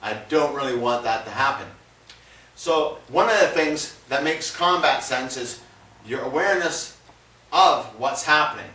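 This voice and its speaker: A man's voice: mid-range voice, lively intonation, unhurried, pushed and bright. Echoey male martial arts instructor. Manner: plain, conversational teaching with physical demonstration. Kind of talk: demonstrating self-defense techniques. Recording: echoey room, mic at a distance.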